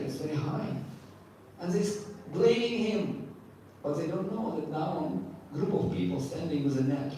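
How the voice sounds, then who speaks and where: A man's voice: fairly high pitch, warm tone, a little hiss or hum. A man giving a scripture class as a spiritual teacher, emphatic and repeating key phrases, asking and answering his own questions. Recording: echoey hall from far off.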